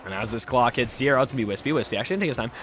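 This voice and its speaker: A young man calls a live esports match from home at a rapid clip. His voice is bright and forward, and he piles up quick play-by-play with joking asides. He speaks into a desktop mic. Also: mid-range voice, a little hiss or hum. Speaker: esports caster.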